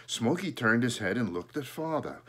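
A man reading a children's story aloud, adding relaxed, chatty asides. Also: medium pitch, moderate pace, slight background noise. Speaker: storybook reader.

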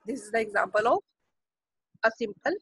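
An Indian woman teaches a classroom lesson in a higher-pitched, husky voice. She speaks haltingly, restarting words and moving between English and Hindi. The recording is dry, with little room sound. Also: expressive, a bit bright, dry recording, poor audio. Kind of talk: classroom lecture.

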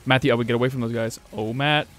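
A young man streaming a game with friends, loud and laughing, yelling orders at his teammates. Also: mid-range voice, steady tone, quick pace. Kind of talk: excited gaming chat.

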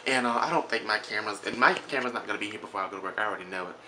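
A young man with a drawl talks to his handheld camera at home in a quick, bright, rather low voice. He rambles loosely, full of ums and false starts. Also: a little hiss or hum. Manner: rambling, many ums and restarts. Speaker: vlogger. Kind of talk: casual chat to camera. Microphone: handheld phone or camera at arm's length.

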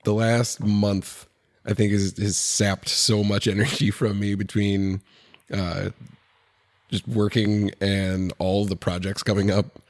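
A man with a lowish voice co-hosting a laid-back podcast. He chats over drinks with short, easygoing replies and a worn-out, relaxed manner. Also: slow. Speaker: podcast co-host. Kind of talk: casual chat over drinks.

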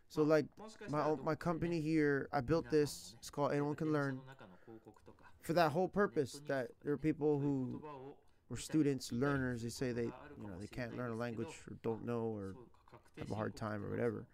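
A man's voice: mid-range voice, steady tone, moderate pace, gravelly, darkish tone. A man in his thirties chatting casually as a language teacher streaming online, slangy, rambling and earnest. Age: 30s. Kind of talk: casual chat.

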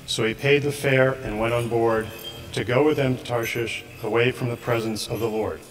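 A man giving a steady, measured liturgical reading of scripture in a church service, with the odd slip. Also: medium pitch, faint music behind. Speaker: scripture reader.

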